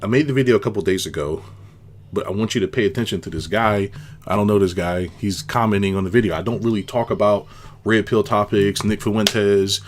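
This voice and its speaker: Low-voiced man rambling with rhetorical questions. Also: brisk. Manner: rambling, with many rhetorical questions and tag "right?"; repeats himself for emphasis. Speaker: business consultant and video host. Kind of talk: casual spoken commentary to camera.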